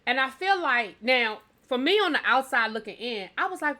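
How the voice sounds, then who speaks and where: A woman talks through a TV episode for her viewers in a chatty, animated review style. Her voice is bright and sits a little high. She keeps calling her audience baby and child. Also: normal speed, few pauses. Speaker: TV show reviewer. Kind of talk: casual review chat.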